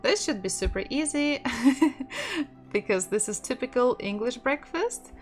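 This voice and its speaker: Slow-speaking Russian-accented woman teacher. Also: high-pitched, big pitch swings, faint music behind. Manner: patient, repeats words slowly for practice. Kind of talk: online language lesson, slow drilled pronunciation.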